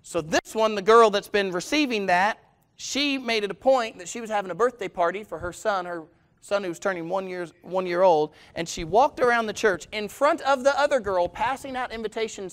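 A man's voice: high-pitched, brisk, a bit bright. A man preaching a sermon as pastor, telling stories, putting questions to the congregation and chuckling now and then.

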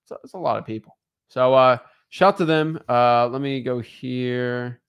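A man's voice: mid-range voice, measured pace, smooth, dull audio. Upbeat male livestream co-host. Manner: upbeat, giving shout-outs, many fillers. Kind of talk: casual livestream chat.

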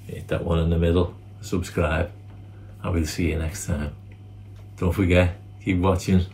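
Man, relaxed co-host with dry jokes, warm mellow voice, casual vlog. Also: sits low, a little slow, slight background noise. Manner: laid-back, dry humour. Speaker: food reviewer, co-host. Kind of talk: casual chat.

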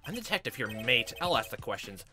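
A man voicing a gruff, bossy male detective with a shaky attempt at a British accent. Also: mid-range voice, big pitch swings, quick pace, over music, natural voice. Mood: brusque.

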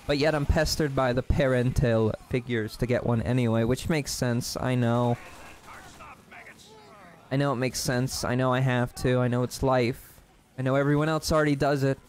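A young man rambles and swears through a confessional gaming vlog, sounding self-deprecating and unpolished. His pitch sits at an ordinary middle level for a man. A faint noise hangs behind the voice. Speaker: gaming vlogger.

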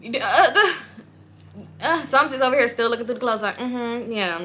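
A young woman from the Los Angeles area telling a story to her viewers, animated, slangy and profane, speaking straight to them. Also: high-pitched, fairly quick, slight background noise. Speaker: storytime vlogger.

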